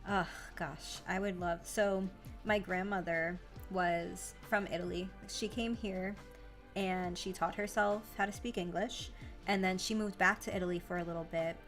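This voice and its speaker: A woman's voice: on the low side, steady tone, a little slow, fairly bright tone. Chatty young woman rambling on her live stream, faint music behind. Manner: chatty, rambling, lots of fillers and self-corrections. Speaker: livestream host. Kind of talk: casual livestream chat.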